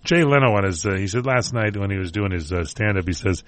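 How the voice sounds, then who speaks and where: A man's voice: lowish voice, expressive, fast, few pauses, no echo. A man hosting a talk radio show, chatting casually and joking about entertainment news. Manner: wisecracking, rambling.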